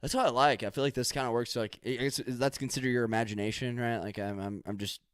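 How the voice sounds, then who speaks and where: A man's voice: medium pitch, flat delivery, fast, clear, resonant tone, no echo, studio quality. A man hosting a solo podcast, rambling loosely, swearing casually and making up stories as he goes. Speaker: podcast host.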